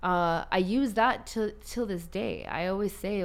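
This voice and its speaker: A woman in a casual conversation as a guest, telling stories in an animated way and laughing often. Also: medium pitch, measured pace.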